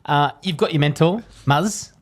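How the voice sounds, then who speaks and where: A man hosting an interview podcast, asking relaxed questions and sharing his own stories. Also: fairly high pitch, normal speed. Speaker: podcast host.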